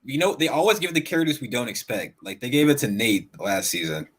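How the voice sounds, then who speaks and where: A man co-hosting a casual chat, quick to laugh and to pitch playful what-if ideas. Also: animated, a bit bright, husky. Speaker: podcast co-host.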